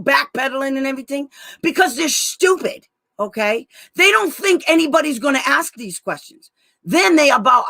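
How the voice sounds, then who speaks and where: Brief: fed-up woman advocate, blunt and emphatic, voice sitting a bit high. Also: sharp tone. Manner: blunt, exasperated ranting. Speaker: special education advocate. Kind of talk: casual online talk.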